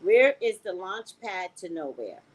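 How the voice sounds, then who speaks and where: A woman with a squeaky voice hosting a casual live stream, reading quiz questions to her viewers and bantering with them in a sassy way. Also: unhurried, breathy edge, poor audio. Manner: sassy, animated, talks back to viewers.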